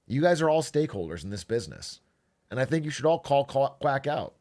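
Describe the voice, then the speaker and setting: Animated, sarcastic young male streamer. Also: medium pitch, a little fast. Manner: animated, sarcastic, laughs often. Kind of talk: casual stream chat.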